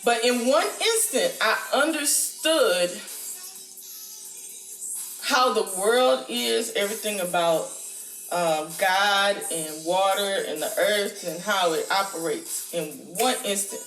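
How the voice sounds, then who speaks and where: A woman vlogger telling a spiritual dream story to camera in a casual, animated way, with casual slang. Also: slow pace. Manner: animated, acts out her panic in a high squeaky voice; casual slang, says "y'all". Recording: roomy echo with faint music behind.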